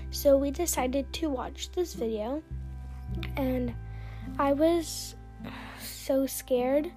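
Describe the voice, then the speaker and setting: A woman hosting a podcast with a high, mellow voice, telling a personal story in a loose, rambling way. She speaks softly, full of "like" fillers, and now and then drops into a whisper. Faint music plays behind her. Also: very slow. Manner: soft-spoken, dropping at times into a whisper. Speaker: podcast host. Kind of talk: casual storytelling.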